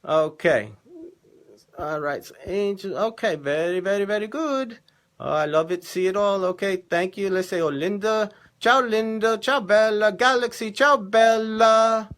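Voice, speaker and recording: A man's voice: high voice, normal speed, lightly acted. A man playing a boisterous, middle-aged Italian male love professor, giving dating advice in broken English with a put-on Italian accent and theatrical emphasis. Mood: emphatic advice. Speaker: relationship coach. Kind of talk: comedic in-character advice livestream.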